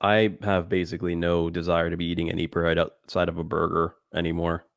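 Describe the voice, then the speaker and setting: A man co-hosting a podcast in casual chat, reading ingredient labels aloud with halting fillers. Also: deep voice, completely flat delivery, vocal fry, dry recording, clean studio sound. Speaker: podcast co-host.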